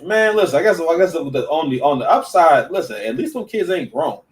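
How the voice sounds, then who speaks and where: Man, reaction commentary, stammering and slangy, higher voice, set back from the mic. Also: fairly quick, far from the mic, poor audio. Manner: stammering, slang-heavy, animated.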